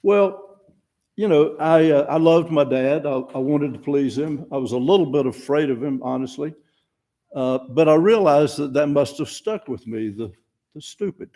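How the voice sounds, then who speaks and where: Speaking at a moderate pace in a mellow voice on the high side, an older lay speaker delivers a casual, folksy sermon at a fellowship service. He talks plainly, pokes fun at himself, and keeps restarting his words.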